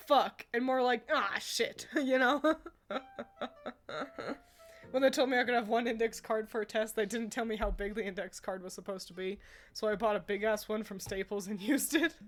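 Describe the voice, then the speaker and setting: Young woman streamer, slightly high voice, giggles between lines, swears bluntly while reading chat. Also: steady tone, moderate pace. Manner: giggly, laughs often between remarks. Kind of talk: casual chat reading live comments.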